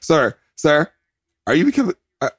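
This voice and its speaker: A man's voice: fairly high pitch, very animated, normal speed, slightly rough, dry recording, pitched above the performer's own voice. A man voicing a polite bystander who hesitantly asks a stranger whether he is turning into a werewolf. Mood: suspicious.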